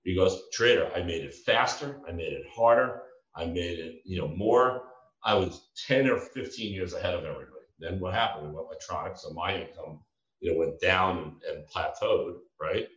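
A man in his fifties, a former floor trader, giving career advice through animated stories and quoted voices. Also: low voice, moderate pace. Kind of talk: storytelling talk with advice. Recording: distant roomy lo-fi recording.

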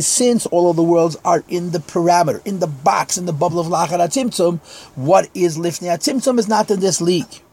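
Casting note: man, husky, fairly high voice, Torah teacher reading out slowly and explaining. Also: a little mellow. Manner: reads Hebrew phrases slowly, then explains in English. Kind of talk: Chassidic text class.

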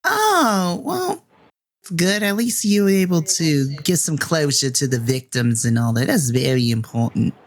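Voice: medium pitch, fairly even intonation, moderate pace, lightly acted. A game master voicing a sweet elderly woman receptionist at a morgue who dotes on visitors and calls everyone sweetie. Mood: sweet doting.

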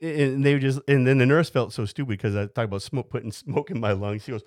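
A man's voice: medium pitch, quick pace, dry recording, studio quality. A man chatting casually, telling a story with frequent laughs and bits of acted-out dialogue. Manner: animated storyteller, laughs often, acts out voices. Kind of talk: casual chat.

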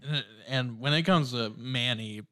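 An easygoing young man talks about players in a loose, friendly way. He laughs easily between his points, and his voice sits at an ordinary middle pitch. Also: measured pace, crowd noise. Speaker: student sports broadcaster. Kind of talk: casual sports chat.

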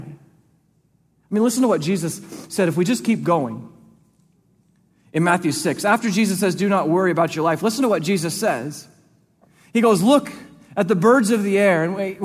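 A man's voice: high-pitched, long reverb tail. A man, a pastor, preaching a sermon in a conversational way, acting out quoted voices as he goes. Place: church sanctuary.

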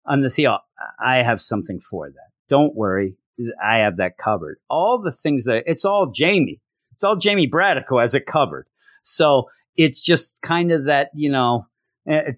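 A man casually reviewing a comic, joking and acting out characters' lines in quick voices. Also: a little high, dry recording, studio quality. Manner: animated, jokey, acts out characters in quick voices. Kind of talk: casual solo review chat.

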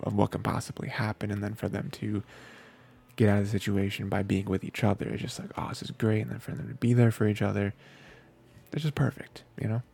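Gravelly, husky-voiced man chatting casually. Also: fairly low pitch, a little mellow. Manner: rambling, lots of fillers, quoting characters in quick asides. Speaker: podcast co-host. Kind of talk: casual anime review chat.

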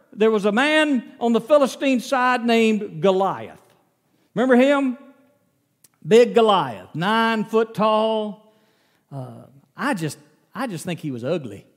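A male preacher telling a Bible story in a folksy, animated sermon. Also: sits high, slow. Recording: long reverb of a large hall.

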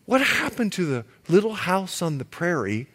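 A man preaching a sermon to a congregation, joking, acting out the lines he quotes, and sometimes shouting. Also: sits high, moderate pace. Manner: animated, jokey, acts out quotes.

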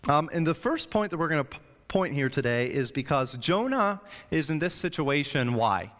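A man's voice: on the high side, big pitch swings, normal speed, fairly bright tone. Man preaching casually in a reverberant hall. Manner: chatty, joking, keeps asking "right?". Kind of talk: casual sermon.

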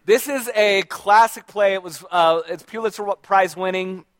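A man uses his natural high-pitched voice for a casual lecture to a live audience, moving at a moderate pace with a fairly bright tone. He talks conversationally, restarting and using fillers often, and quizzes the room, captured closely and dry with no room sound.

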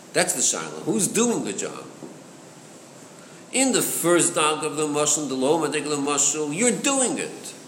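A man's voice: on the high side, a bit bright. A man teaching a chassidic text, explaining with rhetorical questions and Hebrew terms mixed into his English. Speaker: Torah teacher. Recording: echoey room with long reverb, faint noise.

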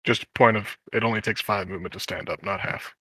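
A man with a low, bright and forceful voice plays a tabletop game, recorded dry and close. He checks rules and asks questions about each ruling. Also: fast, husky, no room sound. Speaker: player.

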